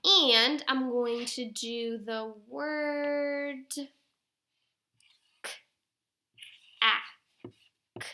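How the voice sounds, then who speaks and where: A woman teaching a phonics lesson to young children on video, sounding out letters slowly and asking coaxing questions. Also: sits high, bright, forceful tone. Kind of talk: early-grade phonics lesson to camera.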